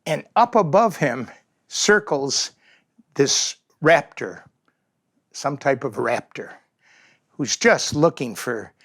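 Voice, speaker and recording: Slow, gentle older man. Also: medium pitch, no echo, studio quality. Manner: gentle, reflective, with pauses. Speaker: speaker in a talk series on aging. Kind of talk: reflective talk.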